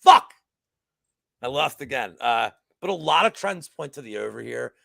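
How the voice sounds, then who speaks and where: A man co-hosting a casual sports betting chat, profane and excitable, swinging from loud outbursts to mumbling, just getting over a cold. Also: medium pitch, moderate pace, creaky, dry recording, clean studio sound. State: recovering from a cold. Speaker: co-host.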